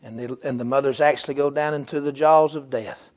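A young man, preaching a humorous sermon. He tells stories loudly, often laughing and breaking into shouts. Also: medium pitch, fairly even intonation, a little fast.

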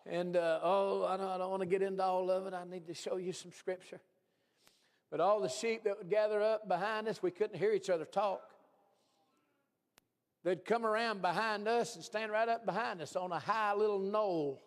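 A man pastor preaching a folksy, animated sermon, swinging from hushed asides to shouts. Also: high voice, normal speed. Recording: long hall reverb.

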